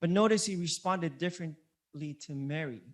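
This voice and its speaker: A pastor with a voice on the high side preaches at a normal pace. His earnest, conversational sermon is full of restarts, and he repeats key words for emphasis.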